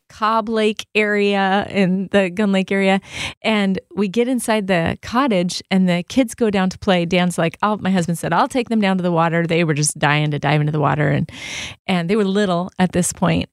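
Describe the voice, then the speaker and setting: A woman's voice: mid-range voice, no room sound. A woman with a mid-range voice telling a personal faith story on a podcast. She speaks casually and with animation, often acting out her own thoughts. The recording is close and dry. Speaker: podcast co-host, pastor's wife.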